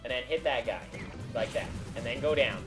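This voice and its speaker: A young man co-hosting a let's play, giving goofy, excitable commentary and bossing his partner around. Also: mid-range voice, normal speed. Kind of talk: casual gameplay commentary. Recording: game music underneath.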